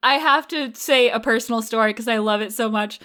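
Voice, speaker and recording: Chatty woman with a bright, higher voice. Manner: chatty, quick and self-mocking. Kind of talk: casual chat.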